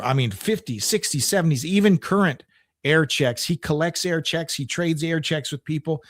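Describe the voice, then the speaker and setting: Man, 50s, from Oklahoma, ex-DJ; slightly high, conversational, dry close mic. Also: no echo. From Oklahoma, USA. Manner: conversational, often adds "right?". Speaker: former radio DJ, channel host. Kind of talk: casual advice talk.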